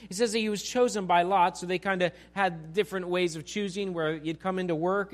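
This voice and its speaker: A man, a pastor, teaching a Bible passage in a relaxed conversational way, asking his listeners questions and acting out the scenes. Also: high-pitched, brisk, hardly any pauses, soft background music. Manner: conversational, acts out scenes with asides.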